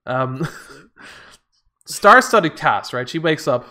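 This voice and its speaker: A man's voice: fairly high pitch, sing-song, very slow, pushed and bright. A man in casual chat, recapping a movie with sarcastic, profane jokes and frequent laughs. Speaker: podcast co-host.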